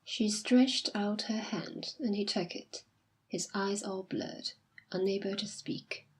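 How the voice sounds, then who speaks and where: A woman narrating a classic novel as an audiobook in a soft, measured reading. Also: mid-range voice, steady tone, breathy edge. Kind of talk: scripted narration.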